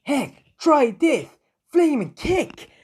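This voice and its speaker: A man's voice: sits high, normal speed. A young man voicing a cocky, boastful male hedgehog hero in a fan story. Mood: fired up. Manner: boastful, excited.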